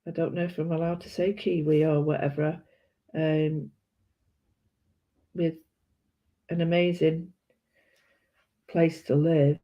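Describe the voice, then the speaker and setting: A British art vlogger with a low, level voice speaks slowly and pauses often as she colours. She chats casually and rambles, frequently correcting herself, and the recording has a dull lo-fi sound.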